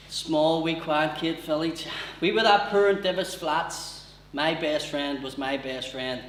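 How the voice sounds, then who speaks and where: A Belfast man in his thirties working a live room with a stand-up set, tossing off jokes and quick asides to the crowd. His voice sits a little high for a man and comes from a distance, with the echo of the venue around it. A faint murmur of ambience hangs underneath. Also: steady tone, a bit bright. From Belfast, Northern Ireland. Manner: chatty joke-telling with quick asides to the crowd. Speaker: stand-up comedian. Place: live comedy venue with audience.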